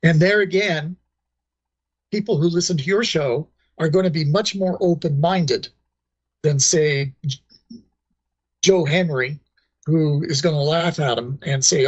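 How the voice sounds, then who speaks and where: A man being interviewed, explaining things in a measured way with frequent fillers. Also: on the high side, husky, no echo, lo-fi sound. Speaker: guest, former ranger and paranormal researcher. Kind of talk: casual interview talk.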